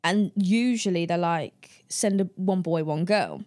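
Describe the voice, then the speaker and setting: Animated woman telling stories. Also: on the low side, measured pace. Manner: animated storytelling, acting out quoted people in a raised voice, laughing often. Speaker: guest. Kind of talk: casual interview chat.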